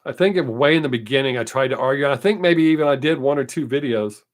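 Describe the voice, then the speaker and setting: A man's voice: mid-range voice, fast talker. A man hosting his weekly live stream, chatting casually and answering viewer comments, brushing off critics. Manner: dismissive of critics.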